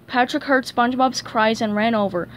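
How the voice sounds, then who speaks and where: A young woman reading a children's storybook aloud in an expressive, animated way. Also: on the high side, normal speed, slight background noise. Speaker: story reader.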